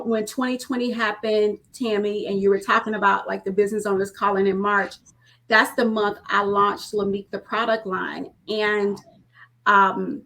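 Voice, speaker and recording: A woman's voice: mid-range voice, creaky, bright, forceful tone. A woman in her thirties, a small business owner, talking earnestly in a casual panel conversation from her home studio over a video call. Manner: earnest, rambling with fillers. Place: home studio, former bedroom.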